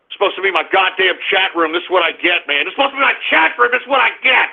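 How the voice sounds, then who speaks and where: Angry cursing male radio host, very high gravelly voice, tinny phone-like sound. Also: quick pace, few pauses. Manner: angry, exasperated, cursing, shouting at listeners. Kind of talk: ranting at a live chat room.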